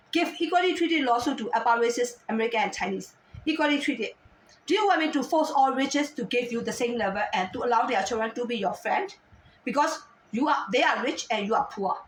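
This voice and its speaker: High-voiced scolding woman in a roomy space. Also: slight background noise. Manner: agitated, scolding, repeated rhetorical questions; halting non-native English phrasing. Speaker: vlogger. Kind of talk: ranting monologue to camera. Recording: roomy sound from a distant mic.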